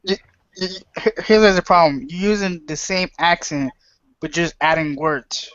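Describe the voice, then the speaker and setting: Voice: mid-range voice, measured pace, a bit bright, dry recording. A chat participant teasing and correcting a friend in a casual group video call. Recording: dry muffled call audio.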